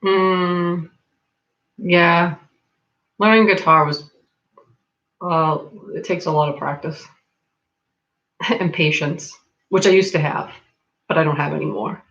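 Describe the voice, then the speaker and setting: A woman's voice: on the low side, steady tone, slow pace, pauses often, a bit bright. New england lady chatting on her livestream, lots of "like", giggly, kinda muffled sound. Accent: Massachusetts, between Boston and Rhode Island. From Massachusetts. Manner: chatty, laughs often, many "like" fillers, swears casually. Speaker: livestream host. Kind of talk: casual livestream chat reading comments.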